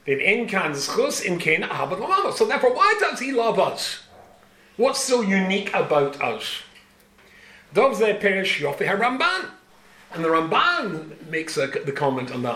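This Torah lecture comes from a rabbi in his seventies whose voice is a little high and fairly bright. He fills the class with rhetorical questions and dry wit, and the echoey room adds faint ambience plus a little hiss or hum.

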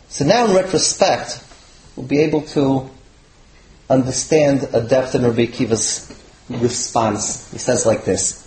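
A man, a rabbi, teaching a Torah class to students with animated delivery, his voice leaping when he voices quoted sages. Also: mid-range voice, unhurried, roomy sound, a little hiss or hum, poor audio.

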